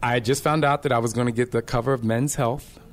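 A man's voice: mid-range voice, fast. A middle-aged man, a fitness instructor, chatting casually and energetically, telling stories and acting out quotes. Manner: energetic, animated storyteller who acts out quotes. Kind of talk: casual chat.

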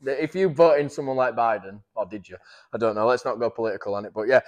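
A man's voice: medium pitch, quick pace. Blunt sweary man, podcast banter. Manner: blunt and sweary, riffing on tangents. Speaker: podcast co-host. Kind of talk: casual podcast chat.

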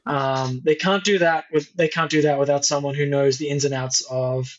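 A man's voice: on the high side, fairly even intonation, moderate pace, lo-fi sound. A man co-hosting a casual film podcast, recapping plots in an easygoing way. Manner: easygoing plot recaps with fillers. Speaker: podcast co-host. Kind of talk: casual chat.

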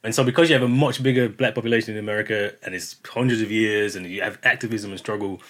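A man's voice: on the low side, steady tone, fast talker, fairly bright tone. A man from Britain, a professor, chatting casually as an interview guest and often laughing.

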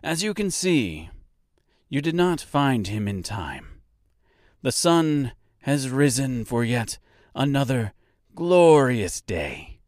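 A man's voice: mid-range voice, sing-song, takes it slowly, no room sound, clean studio sound. A man voicing a smug, gleeful male villain who owns a mansion, speaking with mocking, overly polite charm.

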